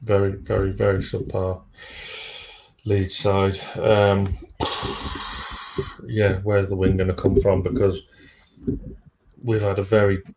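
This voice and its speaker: A man's voice: deep voice, completely flat delivery, slow pace, creaky, pauses often, warm tone, a little hiss or hum. A man hosting a live football fan stream, dry and sardonic, sounding tired as he runs the chat. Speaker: fan channel host.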